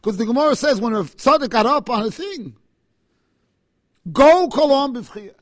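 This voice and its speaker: A man's voice: very high voice, animated, normal speed. A man teaching a Talmud lecture, asking rhetorical questions and pressing points with sudden emphasis, weaving Hebrew and Aramaic terms into his English.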